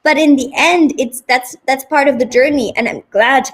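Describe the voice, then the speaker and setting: A woman's voice: high-pitched, normal speed. A woman coach hosting a casual interview over a video call, upbeat and motivational, repeating her points for emphasis. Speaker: business coach and host.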